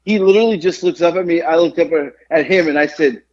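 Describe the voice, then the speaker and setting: A man's voice: quick pace, highs cut off. A man co-hosting a podcast, telling a story in casual chat and acting out the people in it with big jumps in his voice. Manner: animated storyteller, acts out quotes with big pitch jumps. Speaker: podcast co-host.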